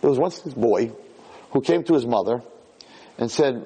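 A man, a rabbi, giving a lecture as an animated storyteller who acts out voices. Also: mid-range voice, normal speed, pauses often, slightly rough.

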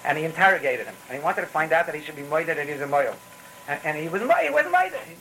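A man's voice: on the high side, very animated, fast, pushed and bright, slight background noise, poor audio. A man with giving a rambling, storytelling Torah talk, full of restarts and phrases. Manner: rambling, repetitive restarts, mixes in Yiddish phrases.

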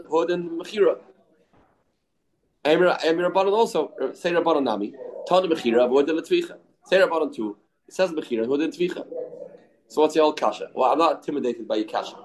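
A man teaching a daily Talmud lesson, arguing both sides in quick English laced with Aramaic and Yiddish terms. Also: on the high side, rough recording. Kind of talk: daf yomi Talmud lesson.

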